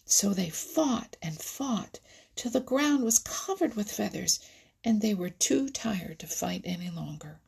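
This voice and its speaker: A woman reading a children's animal story aloud, lively and expressive, sometimes dropping to a whisper. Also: medium pitch, measured pace, creaky, husky. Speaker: narrator.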